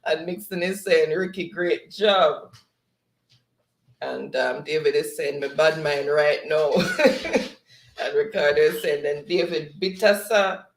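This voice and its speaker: A woman's voice: deep voice, slow pace, echoey room, slight background noise, low-quality recording. A Jamaican woman hosting a livestream, chattily reading out viewer comments and laughing often. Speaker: livestream host. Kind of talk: reading viewer chat aloud.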